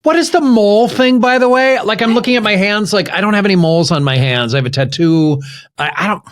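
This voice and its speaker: A man co-hosting a podcast in casual chat, digressive and quick to laugh. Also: high-pitched. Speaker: podcast co-host.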